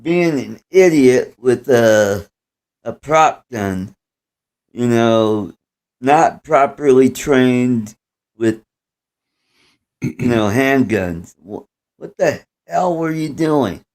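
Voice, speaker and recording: Slow, blunt male panelist. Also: mid-range voice, expressive, darkish tone. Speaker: show regular. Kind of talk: casual political chat.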